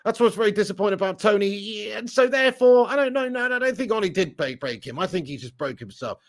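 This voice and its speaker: Man, high voice, blunt, jokey, laughs a lot, live-stream football chat host. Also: lively intonation, fast. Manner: blunt, jokey, laughs often, teasing viewers. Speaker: fan channel host reading live chat.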